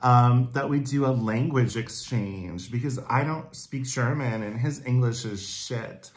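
A man hosting a casual comedy chat, teasing and playful with deadpan ribbing. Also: medium pitch, measured pace. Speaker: comedian host.

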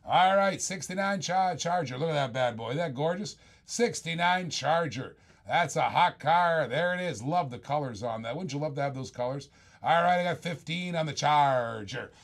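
A man's voice: on the high side, lively intonation, brisk. An older man hosting a live-stream toy car auction, chatty and enthusiastic, repeating himself as he shows each car. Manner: enthusiastic, chatty, repeats lines while showing cars.

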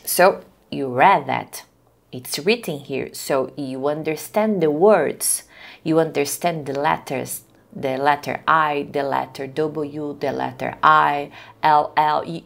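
Slow, gravelly woman teaching a voice class. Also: deep voice. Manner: slow, deliberate teaching with frequent restarts. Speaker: voice coach. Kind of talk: online class lecture.

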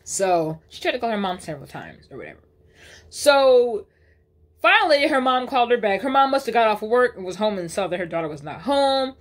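A woman's voice: a little high, very animated, brisk. A woman telling a personal story in a casual storytime vlog, rambling, cursing freely and correcting herself mid-sentence. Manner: rambling, profane, uses slang fillers; restarts and self-corrections.

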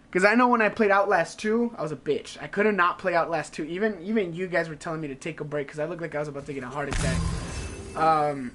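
Male gaming streamer, high-pitched, casual and profane, rambles and laughs while chatting with viewers. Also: a bit bright. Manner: rambling, swears a lot, laughs often, says "like" constantly.

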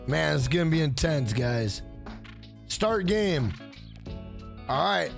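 A man hosting a casual livestream, loud, profane and joking as he reads chat aloud. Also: fairly high pitch, very animated, slow, creaky, pauses often, soft background music. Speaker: livestream host.

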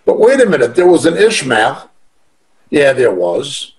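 A man's voice: on the high side, sing-song, a little slow, low-quality recording. A man teaching through a Bible passage verse by verse, reading it aloud and stressing points by repeating them. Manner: emphatic, repeats key phrases, reads verses aloud.

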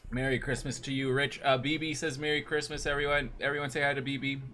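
Hyped on an energy drink, this man live-streams a game and chats with viewers, greeting the chat and rambling upbeat with frequent restarts. His medium-pitched voice is flat in delivery, sharp in tone, and he talks fast.

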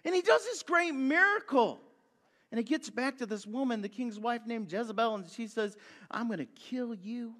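High-voiced man preaching a lively sermon. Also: moderate pace, long reverb tail. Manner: animated storytelling, swinging between loud bursts and hushed asides; jokey, talks straight to the congregation. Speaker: guest pastor.

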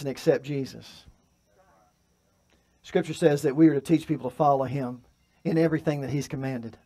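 Male pastor, fairly high voice, preaching in church, moves between forceful emphasis and hushed delivery. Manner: preaching with swings from loud emphatic to soft and quiet. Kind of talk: sermon. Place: church sanctuary.

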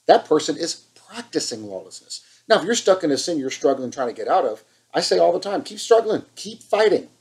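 A man's voice: a little high, sing-song, fairly quick, few pauses, darkish tone, poor audio. A man preaching an impassioned online sermon, fired up and scolding, hammering points with repetition.

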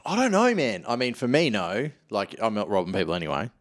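A man's voice: lowish voice, huge pitch swings, fast talker. A man, hosting a casual comedy podcast, laughing a lot and swearing freely. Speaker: podcast host. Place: podcast studio.

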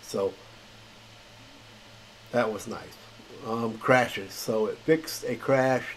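A man's voice: mid-range voice, very slow, a little hiss or hum, rough recording. A man hosting a gaming channel, reading patch notes in a tired, rambling, casual way. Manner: rambling, filler-heavy, chuckles at himself. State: tired late at night.

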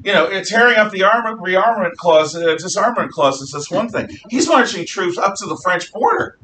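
A man teaching a history class, lecturing in a lively way and acting out quotes, recorded from far off in a classroom with some hiss. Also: high-pitched, a little fast. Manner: animated, acts out quotes.

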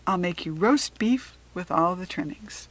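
A woman reading the part of a kind, sensible village woman in a children's storybook, warm and assured. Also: lowish voice, expressive, unhurried. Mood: kindly.

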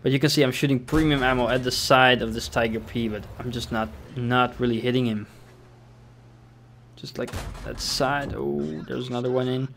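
A man's voice: mid-range voice, fairly even intonation, normal speed, fairly bright tone, slight background noise. A young man casually commenting over his own tank game replay, thinking aloud with fillers and restarts. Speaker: gameplay commentator.

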